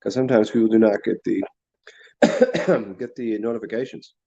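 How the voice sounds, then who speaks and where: The host's fairly low voice is steady, mellow and touched with vocal fry, moving at a moderate pace. He chats casually on his livestream, rambling, laughing often, and talking with his mouth full as he eats and drinks, on a recording with the highs cut off.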